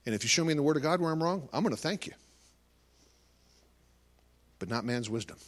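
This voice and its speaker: A man's voice: fairly high pitch, expressive, a little fast. A man giving a live talk to an audience as a Christian ministry speaker, telling stories animatedly and acting out conversations.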